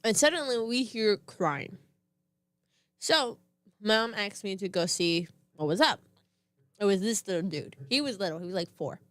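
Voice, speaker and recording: Lively young woman telling a story. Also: a little slow, dry recording. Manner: animated, acts out quoted voices in a much higher pitch; laughs often. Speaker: podcast co-host. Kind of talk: casual storytelling chat.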